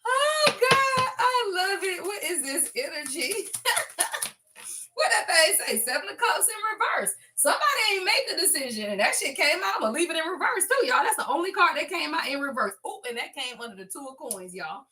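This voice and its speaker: Woman, tarot reader, high lively voice, profane, hype energy. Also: brisk. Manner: excitable, profane, laughs and exclaims often; talks straight to viewers as y'all. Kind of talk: casual tarot reading to camera.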